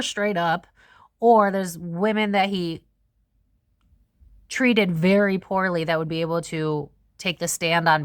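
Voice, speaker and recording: A young woman hosting a casual tarot reading, chatty and animated, swearing freely as she talks through the cards. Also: lowish voice, no room sound, studio quality. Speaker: tarot reader host.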